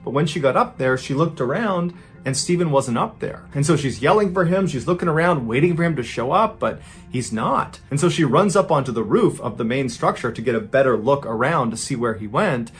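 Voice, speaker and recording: A man's voice: medium pitch, lively intonation, faint music behind. A man hosting a podcast, narrating a true story in a dramatic storytelling style, his voice rising and speeding up as the tension builds. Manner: builds tension, voice rising and quickening in tense moments.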